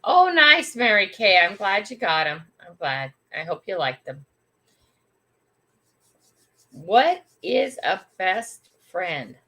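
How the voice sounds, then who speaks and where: An older woman hosts a casual morning livestream from her home. She chats and greets each viewer by name, with a lively, swooping pitch and frequent laughs. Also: takes it slowly, pauses often. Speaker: livestream host.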